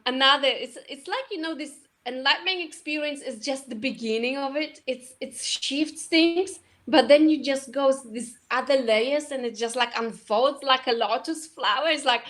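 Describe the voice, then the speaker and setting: A woman talking in a soft, halting way in a casual spiritual conversation, with many restarts. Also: high voice. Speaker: co-host.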